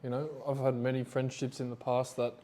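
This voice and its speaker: Mellow-voiced man on a podcast. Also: medium pitch, completely flat delivery, brisk. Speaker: podcast co-host. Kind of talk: casual chat.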